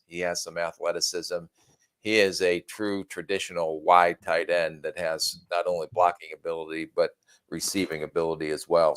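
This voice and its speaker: Low-voiced guy on a football podcast, plain-spoken, short answers, dry close mic. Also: a bit bright, clear, resonant tone, no echo. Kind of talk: casual sports podcast chat.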